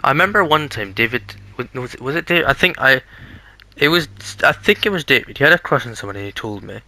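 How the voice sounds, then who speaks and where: A man's voice: medium pitch, animated, fast, sharp tone, low-quality recording. A young man from Scotland, co-hosting a podcast in casual chat, rambling and correcting himself as he goes. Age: young adult. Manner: rambling, self-correcting, frequent restarts. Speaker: podcast co-host.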